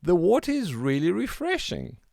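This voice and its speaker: A man's voice: sits high, huge pitch swings, normal speed, gravelly, darkish tone, no room sound, studio quality, pitched above the performer's own voice, full character voice. A man voicing a laid-back, chatty silver fish in a children's storybook. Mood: breezy. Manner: breezy and coaxing.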